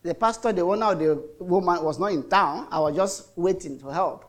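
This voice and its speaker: A man's voice: high-pitched, a little fast. A middle-aged Nigerian man preaching a sermon as a pastor, telling stories in a chatty way with lots of repetition. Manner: chatty storytelling with repetitions and mock voices.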